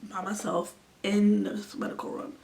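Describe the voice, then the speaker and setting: A woman's voice: mid-range voice, level tone, moderate pace, creaky, a little mellow. A woman in her twenties telling an emotional storytime in an earnest way, sometimes sinking to a near-whisper. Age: 20s. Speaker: vlogger. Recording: distant mic with faint background noise.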